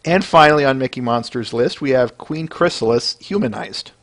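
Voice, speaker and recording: A man's voice: medium pitch, normal speed, fairly bright tone. A man hosting a podcast, chatting casually and enthusiastically about fan art. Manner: enthusiastic, chatty, with fillers and laughs. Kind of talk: casual chat.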